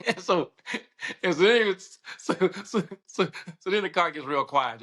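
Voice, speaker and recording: A man with a Southern American accent, a guest telling stories in casual conversation, animated and laughing often as he acts out voices. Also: high-pitched, normal speed. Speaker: podcast guest, surgeon and state senator.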